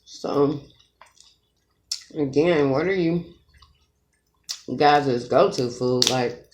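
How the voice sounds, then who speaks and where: A woman's voice: sits low, very slow, darkish tone. A woman vlogging while she eats, chatting to her viewers as y'all and humming with pleasure between bites. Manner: chatty, addresses viewers as y'all, savoring hums while eating. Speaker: mukbang vlogger. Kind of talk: casual eating vlog talk to viewers.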